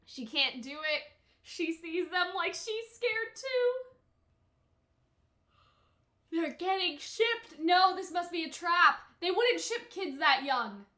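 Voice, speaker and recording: Young woman, anime reaction vlogger, very bright piercing voice, chatty rambling rant. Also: extremely high pitch, lively intonation, slow, reverberant. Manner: loud gasping outbursts while watching, then chatty rambling with many "like"s. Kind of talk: casual reaction and rant to camera.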